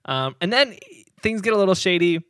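A man's voice: high-pitched, expressive, fairly quick, a bit bright, no room sound, studio quality. A man co-hosting a podcast, telling history in casual rambling chat, laughing often and hedging on figures. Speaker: podcast co-host.

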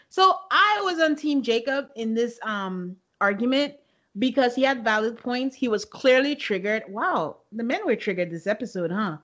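A woman's voice: sits high, fairly bright tone. A woman co-hosting a podcast, giving frank, emphatic opinions in casual chat. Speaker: podcast co-host.

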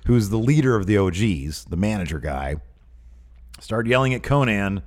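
A man's voice: on the low side, animated, moderate pace, darkish tone. A man co-hosting a podcast, chatting casually about wrestling news with lots of fillers and an amused, rambling manner. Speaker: podcast co-host.

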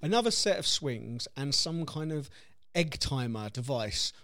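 A man's voice: mid-range voice, big pitch swings, unhurried, a bit bright. A man in his thirties co-hosting a podcast as a dad, chatting in an easygoing way with dry jokes. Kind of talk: casual chat.

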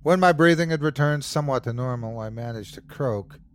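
A man hosting a podcast and reading a horror story aloud with measured, dramatic delivery. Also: mid-range voice. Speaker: host and narrator. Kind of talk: scripted horror narration.

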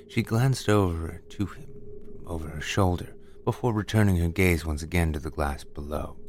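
A man reading a scripted horror story aloud as a narrator, with measured, deliberate, dramatic delivery. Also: deep voice, darkish tone, a little hiss or hum.

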